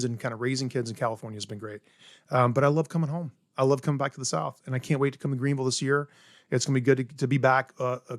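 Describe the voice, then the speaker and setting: A middle-aged chef from South Carolina talks through his cooking in an interview, eager and methodical, tagging points with "right?". His voice sits at a middle pitch. The recording is dry and close, with no room sound. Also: dry recording. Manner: enthusiastic, explains step by step with many "right?" tags. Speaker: chef guest. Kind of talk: casual interview chat.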